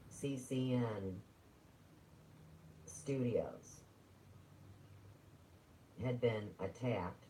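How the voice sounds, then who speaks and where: A man's voice: on the low side, a little mellow, slight background noise, poor audio. A man ranting on a livestream, rambling, sarcastic and full of swearing.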